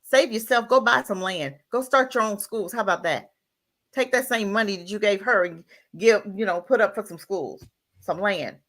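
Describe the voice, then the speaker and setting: A woman's voice: mid-range voice, moderate pace, fairly bright tone. A mother and guest on a talk radio show, talking bluntly and firing off rhetorical questions in casual chat. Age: adult, mother.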